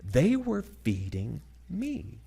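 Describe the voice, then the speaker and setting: A middle-aged man giving a sermon-style talk, telling a story dramatically and moving between loud passages and hushed ones. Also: high voice, huge pitch swings, very slow, creaky, husky. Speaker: guest speaker.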